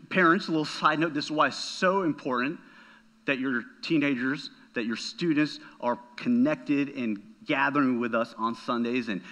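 A man's voice: mid-range voice, sharp tone. A man preaching a sermon as a pastor, emphatic, often checking in with "right?" and repeating words as he goes.

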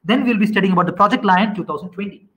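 A man lectures an online class in a high voice. He keeps quizzing his students and repeats questions with halting restarts. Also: fairly bright tone, low-quality recording. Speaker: teacher.

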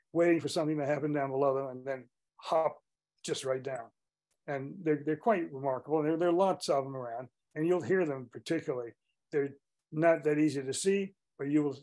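An older man giving an informal talk on backyard birds, rambling and often restarting his sentences. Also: mid-range voice. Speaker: bird talk presenter.

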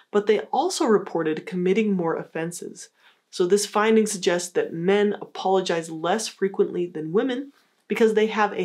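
Woman explaining in a calm teaching voice. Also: on the low side. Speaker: psychologist teaching a course. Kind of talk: scripted educational explainer.

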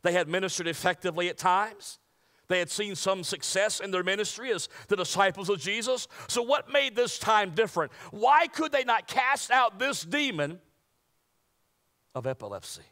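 A man preaching a sermon, swinging from loud emphatic peaks to hushed near-whispers. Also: high voice, animated, moderate pace. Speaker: pastor.

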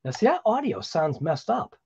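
A man's voice: fairly high pitch, very animated, normal speed, vocal fry, a little mellow, slightly rough, dull audio. A man talking casually through his video edit, rambling with chatty asides about his own voice. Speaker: RC hobby channel host. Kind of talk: casual voice-over while editing video.

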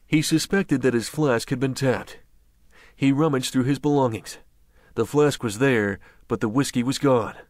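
A man's voice: medium pitch, normal speed, darkish tone, dry recording. Man narrating an audiobook, dry close sound. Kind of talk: scripted narration.

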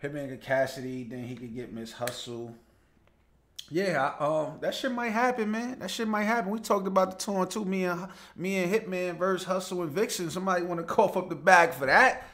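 A young man with a slightly high voice hosts a casual livestream. He talks loosely and reads viewer comments aloud, greeting people by name and laughing easily as he goes. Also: brisk, a bit bright. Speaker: live show host.

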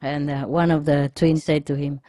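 A woman's voice: low voice, level tone, moderate pace, mellow, no echo. Woman teacher, casual joke-telling lecture, laughs often, chatty. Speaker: spiritual teacher.

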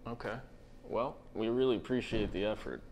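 A man's voice: lowish voice, moderate pace, a little mellow. A man hosting a casual comedy interview, ribbing his guest with a lot of swearing. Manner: teasing, profane, ribbing. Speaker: host. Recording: faint background noise.

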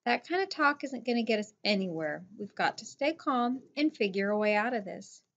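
A woman's voice: on the high side, expressive, normal speed, a bit bright. Lady doing a jittery teen boy, pleading and loyal, kinda muffled audio. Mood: urging. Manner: pleading, nervous. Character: nervous teenage boy, anxious but loyal.

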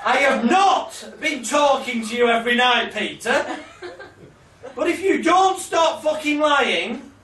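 A man doing a booming, menacing voice of the devil, shouting threats and breaking into laughter. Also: animated, unhurried, roomy sound, recorded from a distance, a little hiss or hum, exaggerated voice. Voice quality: shouted, laughing through the lines.

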